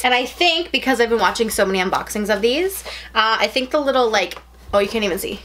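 A young adult woman chatting at home as she unboxes a package, gushing and gasping with excitement as she rambles on. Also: on the high side, quick pace, a little hiss or hum. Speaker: unboxing vlogger.

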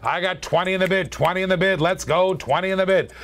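A man hosting a live-streamed toy car auction, calling bids in quick, chatty patter and joking with viewers. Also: sits high, steady tone, fairly bright tone. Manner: chatty, joking, fast auction calls with laughs.

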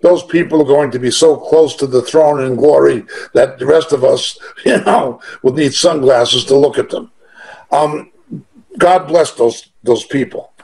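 A man's voice: mid-range voice, measured pace, vocal fry, a little mellow, low-quality recording. A man preaching a sermon in an emphatic, conversational way, mixing personal testimony with teaching.

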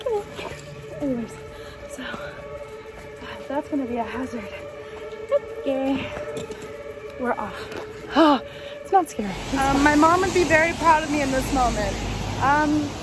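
Young woman, high voice, chatty and excitable, noisy phone video outdoors. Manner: chatty, excitable, lots of fillers. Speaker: vlogger. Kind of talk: casual travel vlog.

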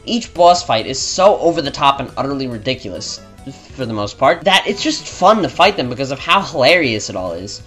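A man's voice: mid-range voice, big pitch swings, fairly quick, few pauses, fairly bright tone, soft background music. A man narrating a scripted game review in a blunt, opinionated, sarcastic manner.

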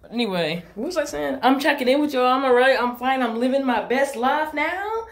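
A woman's voice: high-pitched, expressive, a little fast. A young adult woman chatting casually to her phone camera, swearing freely as she talks. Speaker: vlogger. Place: bathroom. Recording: echoey bathroom.

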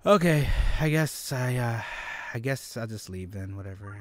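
A man's voice: mid-range voice, animated, moderate pace, dry recording. A man casually commentating a game with sarcastic, joking asides. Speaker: gameplay streamer. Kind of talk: casual let's-play commentary.

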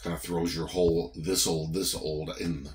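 A man's voice: deep voice, little pitch movement, moderate pace, a little hiss or hum. A man with a Southern US accent giving a morning devotion, preaching in an emphatic, repetitive, conversational way. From American South.

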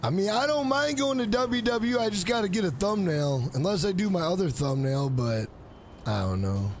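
A man's voice: high voice, animated, normal speed, a little hiss or hum. A man live-streaming a video game, chatting casually with his viewers, thanking them by name and calling them "bro" again and again. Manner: talks straight to chat, repeats "bro" often.

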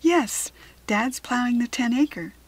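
A woman putting on an eager young farm girl from a storybook, asking quick, earnest questions. The voice sits a little higher and stays soft and breathy. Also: no echo.

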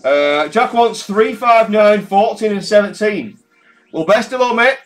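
A man's voice: high voice, expressive, unhurried. A man hosting a live-stream card draw in casual chat, calling everyone mate and swearing freely. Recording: faint music in the background.

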